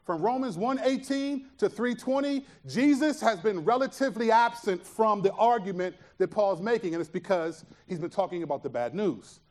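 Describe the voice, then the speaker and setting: A man with a high-pitched voice delivers a sermon as pastor. He teaches earnestly and emphatically, posing rhetorical questions to the congregation. At reflective moments he lowers his voice to a near hush. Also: lively intonation, normal speed, few pauses.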